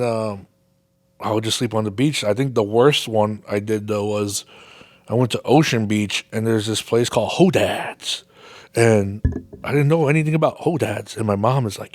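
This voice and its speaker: A man's voice: mid-range voice, no room sound. A man hosting his own podcast, telling a long casual story full of swearing and acted-out reactions. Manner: swears constantly, lively anecdotes with exaggerated quoted reactions. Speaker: podcast host.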